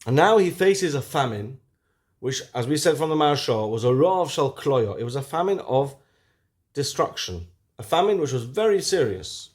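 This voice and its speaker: A man teaching a weekly Torah lesson, lively, asking rhetorical questions and swinging from loud to hushed. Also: mid-range voice, moderate pace.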